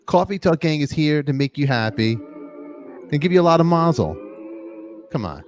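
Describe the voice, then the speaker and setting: A man hosting a live online talk show, joking loudly and giving quick shout-outs to viewers in the chat. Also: fairly high pitch, very animated, soft background music. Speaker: podcast host. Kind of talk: lively live-stream chat.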